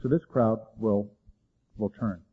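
A man preaching a sermon, dramatic, swinging between loud emphasis and hushed low lines. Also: fairly even intonation, slow pace, slightly rough, phone-quality sound. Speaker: pastor.

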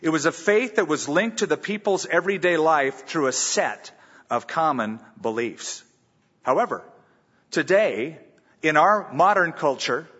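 A man delivers an earnest sermon in a slightly high, husky voice. He reads scripture aloud and slows down to stress key points. The recording is dull and muffled, with long reverb from a large church hall. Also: fairly bright tone. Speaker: pastor.

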